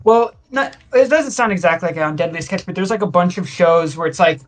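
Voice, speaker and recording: A man's voice: high voice, brisk, few pauses, soft background music. A man co-hosting a casual podcast, hesitant and searching for words, full of fillers. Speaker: podcast co-host, artist. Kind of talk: casual chat.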